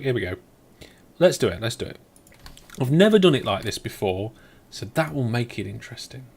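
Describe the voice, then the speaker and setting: Man, live game streamer, thinking aloud, chatty, mid-pitched voice. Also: big pitch swings, a little fast, gravelly, pauses often, darkish tone, husky. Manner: thinks aloud, chatty, answers viewer chat. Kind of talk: live let's play commentary.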